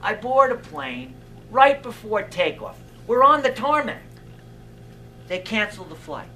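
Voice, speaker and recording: A middle-aged male stand-up comedian who tells jokes on stage in a wry, deadpan way, leaving long pauses for laughs. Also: high-pitched, slight background noise, rough recording. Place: theater stage.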